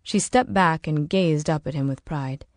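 Low-voiced woman narrating an audiobook. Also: measured pace, dry recording, clean studio sound.

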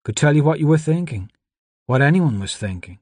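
A man reading aloud who voices a tearful young woman grieving a mentor, speaking softly with a lifted pitch. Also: lively intonation, a little fast, dry recording. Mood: earnest.

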